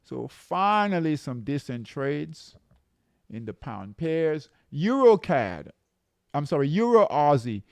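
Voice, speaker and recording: A man's voice: a little high, big pitch swings, takes it slowly, vocal fry, smooth, dry recording. A man running a live trading lesson, walking through charts and checking in with "okay?" and "right?" as he talks. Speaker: trading coach.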